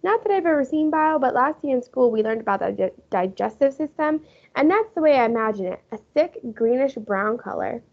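A woman teacher reading a children's chapter book aloud in a lively storytelling manner. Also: sits high, a little fast, creaky. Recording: muffled lo-fi recording.

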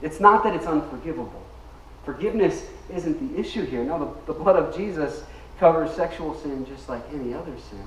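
A man's voice: a little high, animated, a little fast, slight background noise. A male pastor delivering an emphatic sermon in a church sanctuary. He draws the congregation into call-and-response. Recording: echoey room, mic at a distance.

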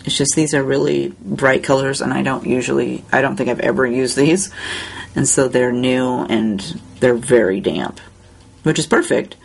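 A woman hosting a step-by-step coloring tutorial, talking in a relaxed, chatty way while she works. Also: a bass voice, normal speed, vocal fry, breathy edge. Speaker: crafting tutorial host.

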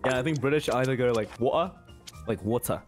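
A man in a casual gaming chat, goofy and excitable, with sudden yelps. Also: mid-range voice, racing. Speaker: streamer guest. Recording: faint background music.

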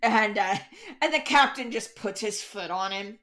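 A woman's voice: medium pitch, normal speed, pushed and bright. A woman narrating as game master of a tabletop game, chatty and laughing often.

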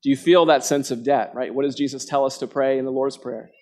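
A man preaching a sermon to a live congregation, earnest and direct, often asking the listeners questions and acting out quotations with big jumps in pitch. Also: steady tone, a little fast. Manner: dramatic quotes with sharp jumps in pitch. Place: church gathering before a live congregation.

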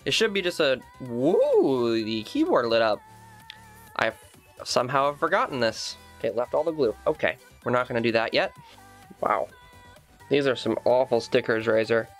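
A man's voice: medium pitch, expressive, normal speed, a bit bright, soft background music. A young man chatting casually as he unboxes and sets up a laptop, thinking aloud with plenty of fillers. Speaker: tech vlogger.

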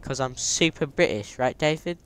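A man's voice: mid-range voice, animated, normal speed, clean tone. A man giving casual, joking commentary over gameplay and bantering with a friend. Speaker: gaming video creator.

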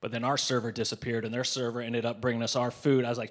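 Stand-up comic ranting, then muttering. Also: male voice, mid-range voice, level tone, fast, few pauses. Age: 40s. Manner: storytelling, swings from muttered asides to loud rants. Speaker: stand-up comedian. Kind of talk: stand-up comedy set.

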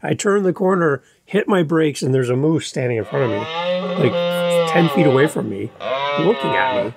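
A man hosting a podcast in casual chat, eager and quick to jump into his own stories. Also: on the high side, expressive, creaky, over a noisy crowd. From Canada. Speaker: podcast host.

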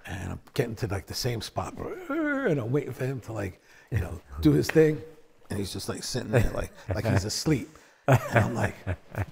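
A man, a bassist, telling stories in a sit-down conversation, acting out quotes with big swings in his voice. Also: a little fast, vocal fry, slightly rough. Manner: animated storyteller, acts out quotes with big pitch swings.

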